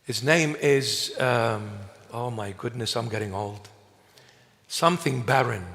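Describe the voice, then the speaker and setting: Slow, emphatic preaching man in echoing hall. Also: medium pitch, gravelly, a bit bright. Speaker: bishop. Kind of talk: sermon. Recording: long reverb of a large hall.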